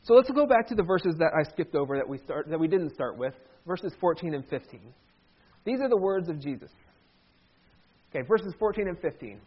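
Male pastor, high voice, easygoing sermon delivery with playful asides, muffled lo-fi church recording. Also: big pitch swings, brisk, slightly rough. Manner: conversational, joking asides.

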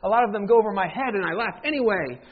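Middle-aged pastor cracking jokes thru his sermon, kinda husky higher voice, bit muffled recording. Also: expressive, very fast. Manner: joking, self-deprecating storyteller. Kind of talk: humorous sermon. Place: church sanctuary.

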